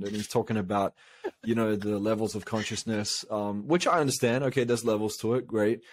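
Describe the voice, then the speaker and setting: A man's voice: fairly low pitch, dry recording. A man from Australia, a coach, telling a long personal story in a casual interview, rambling with many fillers and restarts. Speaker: guest, coach.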